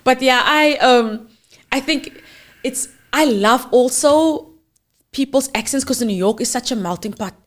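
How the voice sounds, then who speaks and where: Woman, Cape Flats South African accent, fairly high voice, animated, laughs a lot, casual guest chat. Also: unhurried. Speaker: guest, theatre producer. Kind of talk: casual chat mixing English and Afrikaans. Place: lives in New York.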